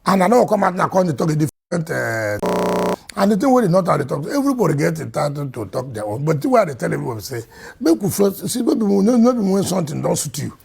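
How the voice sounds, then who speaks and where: A man with a Nigerian accent, a state governor answering interview questions emphatically, swinging between loud and quiet. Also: a little high, big pitch swings, fast talker, creaky, husky.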